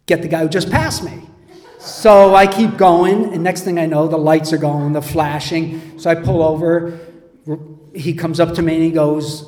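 A man's voice: a little high, warm tone. Rambling middle-aged man in a reverberant hall. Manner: rambling, chuckling, self-mocking. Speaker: storyteller. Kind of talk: live personal storytelling. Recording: echoey hall with long reverb.

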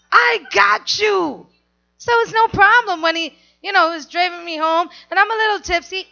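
A woman telling a candid personal story in an animated, confessional way, on a dull lo-fi recording. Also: very high voice, creaky.

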